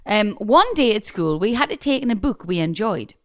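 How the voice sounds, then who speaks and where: A woman's voice: mid-range voice, big pitch swings, normal speed, no echo, studio quality. A hungover woman co-hosting a podcast, bantering in a teasing, sarcastic way. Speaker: podcast co-host. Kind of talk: casual chat.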